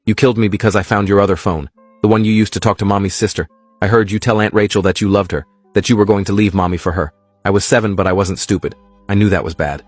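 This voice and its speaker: A man voicing the ghost of a drowned girl, speaking low, quiet and reproachfully in a read horror story. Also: no room sound, close to an everyday voice.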